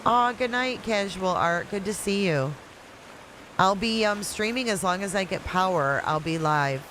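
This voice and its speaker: Woman, Michigan accent, livestream host, chatting with viewers, mid-pitched voice, loud steady noise behind. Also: a little slow, rough recording. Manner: chatty, reads viewer comments aloud and answers them. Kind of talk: casual live-chat stream. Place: at home in Florida riding out a hurricane.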